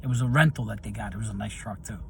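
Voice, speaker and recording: A middle-aged video host with a lowish, gravelly voice delivers personal stories rapid-fire in a casual monologue to camera, over slight background noise. Whenever he recounts what angered him, he gets heated and animated.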